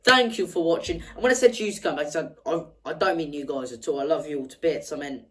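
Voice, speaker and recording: A woman's voice: low-pitched, fairly quick, low-quality recording. A woman hosting a fan match reaction, talking passionately and repeating words for emphasis. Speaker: football fan channel host.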